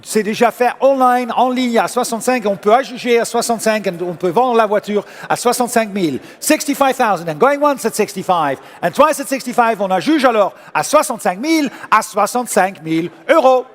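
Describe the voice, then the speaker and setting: A man working as auctioneer, calling bids briskly and switching between languages as he goes. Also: sits high, lively intonation, a bit bright. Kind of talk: live auction bid calling. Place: large exhibition hall auction room. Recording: long hall reverb.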